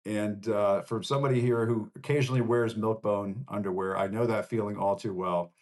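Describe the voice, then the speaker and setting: A man's voice: fairly low pitch, steady tone, a little fast, darkish tone. A man from Northern Virginia hosting a live show, signing off in a conversational, rambling, personal way. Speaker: host. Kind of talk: casual livestream sign-off.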